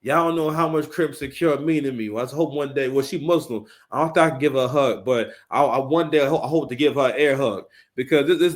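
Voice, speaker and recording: A man hosting his own vlog in casual chat, hyped and repeating himself, with stammering restarts. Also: mid-range voice. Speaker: channel host.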